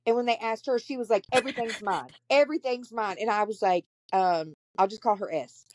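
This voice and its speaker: A woman with a medium-pitched, fairly quick, slightly mellow voice hosts a podcast, recorded with no room sound. In a casual storytelling chat, she tells her story candidly and bluntly, swearing plenty.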